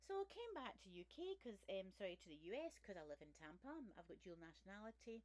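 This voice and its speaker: A woman's voice: medium pitch, big pitch swings, quick pace, few pauses, rough recording. Frank, chatty woman in her sixties. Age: 60s. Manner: frank and candid, chatty with self-deprecating humour. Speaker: vlog host. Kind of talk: personal testimony monologue.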